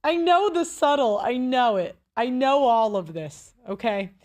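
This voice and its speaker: A woman's voice: fairly high pitch, animated, a little slow, darkish tone. A woman hosting a commentary show, reacting to a speech with blunt, crude mockery. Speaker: commentary host.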